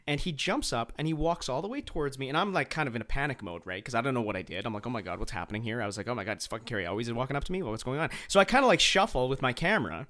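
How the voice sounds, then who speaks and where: A man's voice: medium pitch, lively intonation, rapid-fire, hardly any pauses, a bit bright. A man co-hosting a podcast, telling a long rambling story full of swearing and restarts. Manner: profane, rambling anecdote with many restarts. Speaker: podcast co-host. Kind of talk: casual podcast chat.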